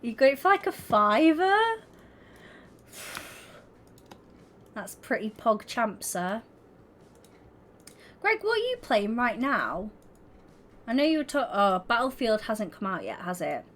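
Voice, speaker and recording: Young woman, streamer, giggly, chatty, slightly high, very lively pitch. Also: slow, long pauses, slight background noise. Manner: giggly and chatty, talks to viewers. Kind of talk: casual livestream chat while gaming.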